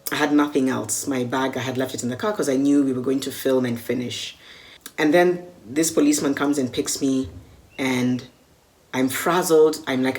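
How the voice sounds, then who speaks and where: A woman's voice: sits low, fairly quick, a little mellow. A Kenyan woman recounting a personal story vividly and acting out the dialogue. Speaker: media personality recalling a con.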